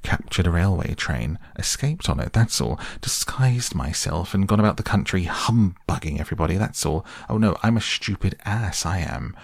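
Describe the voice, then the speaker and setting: A man voicing a boastful, excitable male toad in a storybook reading, bragging loudly. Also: deep voice, vocal fry, slightly rough, dry recording, full character voice. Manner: bragging, loud and quick.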